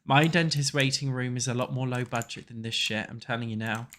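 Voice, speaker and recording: A man's voice: mid-range voice, fairly even intonation, a little fast, fairly bright tone. A man with a cold, chatting crudely and joking with his live chat while building in a game. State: congested with a cold. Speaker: streamer. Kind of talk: casual livestream chat while playing.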